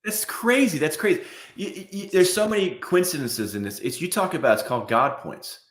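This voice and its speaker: A man's voice: fairly high pitch, lively intonation, fairly quick, a bit bright. Emphatic man in a roomy echo. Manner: emphatic and preachy, asks rhetorical questions. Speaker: podcast co-host. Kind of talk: casual chat.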